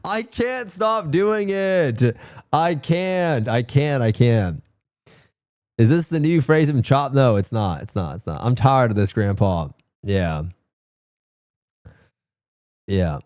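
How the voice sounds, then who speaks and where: A man's voice: medium pitch, animated, slow, pauses often, a little mellow, no echo, studio quality. A man streamer slipping into a put-on Southern country accent, groaning and repeating himself. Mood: exasperated drawl.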